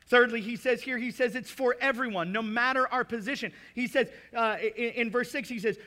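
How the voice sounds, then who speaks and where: A man in his forties preaching a sermon, animated, with humor and acted-out asides. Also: very high voice, fairly quick, hardly any pauses. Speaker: pastor.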